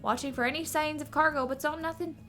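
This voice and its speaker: A woman's voice: a little high, moderate pace, sharp tone, soft background music. A woman voicing an older male sea captain with a put-on accent, telling a story and stumbling over long words. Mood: reminiscing.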